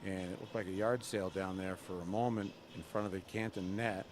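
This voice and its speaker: Low-voiced man calling college hockey. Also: a little fast, background noise. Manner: relaxed, chatty, jokes with the camera person between plays. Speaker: play-by-play announcer. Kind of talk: live hockey play-by-play. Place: college ice rink.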